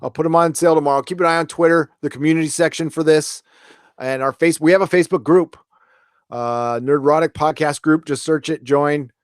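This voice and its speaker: A man's voice: fairly high pitch, fairly even intonation, normal speed, no room sound, studio quality. A man hosting a live stream, reading viewer comments in casual, rambling chat and swearing now and then.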